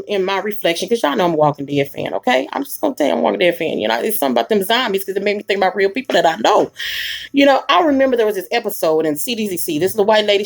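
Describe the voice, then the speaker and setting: A woman giving a live commentary monologue, emphatic and preachy, with bursts of rapid speech. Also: mid-range voice. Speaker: online commentator.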